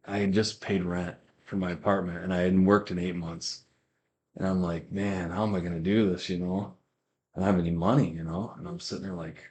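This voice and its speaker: A man's voice: deep voice, little pitch movement, brisk, a little mellow. A man giving a casual spoken faith testimony, rambling and repeating himself as he acts out what others said. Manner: rambling storyteller who repeats himself and acts out quoted lines.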